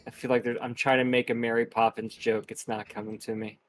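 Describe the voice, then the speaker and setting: A man's voice: mid-range voice, little pitch movement, a little fast. A man co-hosting a game stream, chatting casually and joking with his partner and the chat. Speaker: streamer co-host.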